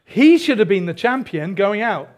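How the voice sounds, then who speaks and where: High-voiced man preaching. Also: moderate pace. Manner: animated preaching with asides to the congregation. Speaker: pastor. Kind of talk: sermon.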